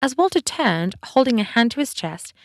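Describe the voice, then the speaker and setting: A woman narrating an audiobook in a calm, even storytelling read. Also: a little high, normal speed, no echo, studio quality. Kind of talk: scripted narration.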